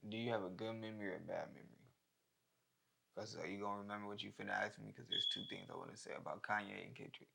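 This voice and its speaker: A young rapper talks in a low, laid-back voice, full of slang. His lines often fade away softly. The conversation stays loose and unhurried. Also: fairly even intonation, gravelly. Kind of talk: casual chat.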